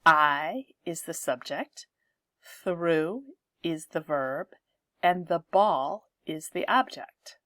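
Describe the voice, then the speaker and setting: A woman explains English grammar in a clear, deliberate teaching voice. She talks slowly in a slightly low register, and the recording is dry and close. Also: expressive, a bit bright, no echo. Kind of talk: grammar lesson.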